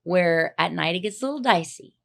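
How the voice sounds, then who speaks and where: Lively storytelling woman with a lowish voice. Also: brisk, gravelly. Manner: animated storyteller, acts out voices, laughs often. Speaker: podcast co-host. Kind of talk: casual chat.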